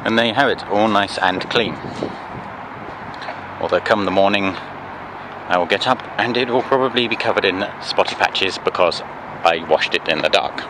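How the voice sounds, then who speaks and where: A man's voice: low voice, normal speed. A man, a truck driver, talking casually to camera in a vlog with dry, self-mocking humor, outdoors by his truck. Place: outdoors beside a truck at night. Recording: noisy outdoor camera audio. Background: vehicle and traffic noise.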